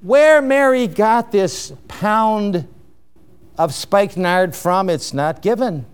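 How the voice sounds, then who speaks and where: A man preaching a sermon, emphatic and unhurried, with exclamations and chuckles. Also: high-pitched, clean tone.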